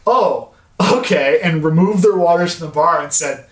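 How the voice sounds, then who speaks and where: A man telling a story in casual podcast chat, animated, acting out dialogue and swearing often. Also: a little high, fairly quick. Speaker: podcast co-host. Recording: echoey room.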